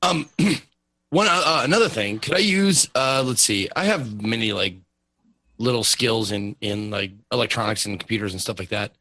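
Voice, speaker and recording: A man's voice: lowish voice, normal speed, pushed and bright. Hesitant male tabletop game player. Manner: hesitant, searching for words. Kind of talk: tabletop game play, casual chat.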